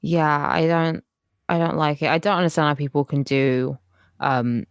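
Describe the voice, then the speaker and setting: A woman's voice: sits low, fairly even intonation, moderate pace, clean tone, no echo, clean studio sound. A woman co-hosting a podcast in casual chat, blunt and profane. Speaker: podcast co-host.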